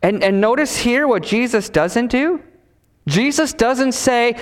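High, lively-voiced male preacher. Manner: emphatic preaching with repetition and dramatic pauses. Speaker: pastor. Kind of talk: sermon. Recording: reverberant hall.

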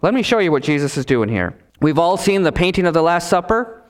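A man preaching in a church sanctuary, his fairly high voice swinging up and down as he drives points home. He leans on repetition and dramatic pauses, and the sound carries a long, reverberant hall tail. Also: sing-song. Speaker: pastor. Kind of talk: sermon.

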